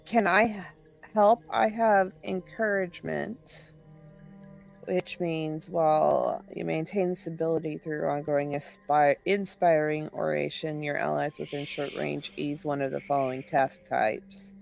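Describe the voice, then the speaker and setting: A woman's voice: deep voice, fairly even intonation, unhurried, gravelly, soft background music, low-quality recording. A woman playing a tabletop game, carefully reading out her character's ability. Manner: reads ability text carefully. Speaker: player.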